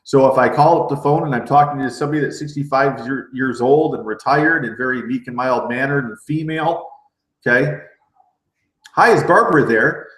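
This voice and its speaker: Running a live sales training, this middle-aged network marketer talks energetically, says things more than once, and keeps adding pep-talk "okay?" remarks. His pitch is medium, his pace fairly quick, and the recording has a roomy echo.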